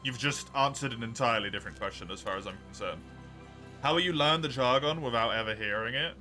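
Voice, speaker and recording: A man's voice: medium pitch, fast talker, bright, forceful tone, soft background music. A man streaming a game live, chatting with his viewers in a blunt, sarcastic way and swearing freely. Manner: blunt, swearing, sarcastic mock-formal asides. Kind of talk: casual live-stream chat while gaming.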